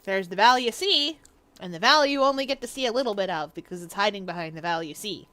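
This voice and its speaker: A woman's voice: medium pitch, animated, quick pace, sharp tone. A young woman streaming a game, chatting casually and rambling through stories with frequent laughs. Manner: chatty, rambling storyteller who laughs often. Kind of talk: casual livestream chat over gameplay.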